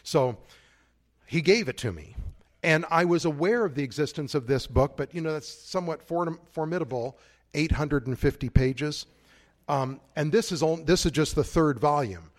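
Conversational priest giving a conference talk. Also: male voice, a little high, normal speed. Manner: conversational and digressive, with frequent asides and restarts.

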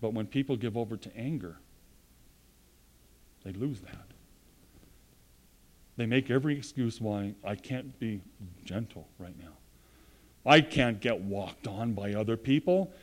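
Earnest preacher man, loud then hushed. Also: lively intonation, unhurried, long pauses. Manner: earnest, swings from loud emphasis to quiet, low-voiced asides. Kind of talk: sermon.

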